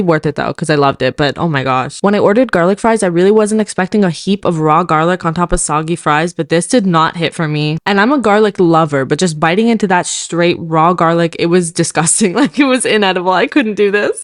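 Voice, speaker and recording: Gushing fast-talking woman food reviewer. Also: on the low side, no room sound, studio quality. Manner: gushing, emphatic.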